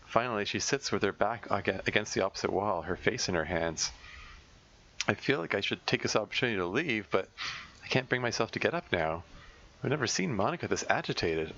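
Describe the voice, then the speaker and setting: A man reading a visual novel aloud as a let's play narrator, in steady first-person narration with small stumbles. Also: lowish voice, brisk, highs cut off, a little hiss or hum.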